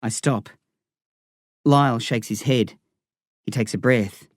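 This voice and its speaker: Aussie guy reading an audiobook, steady storytelling, mid pitch, dry close mic. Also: takes it slowly, no room sound. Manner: steady first-person storytelling. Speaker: audiobook narrator.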